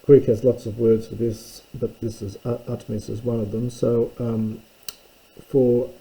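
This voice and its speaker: Slow, gravelly, dark-voiced male teacher. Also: mid-range voice, flat delivery, rough recording. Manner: thoughtful, pauses with fillers while translating. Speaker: Greek teacher. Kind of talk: slow translation lesson.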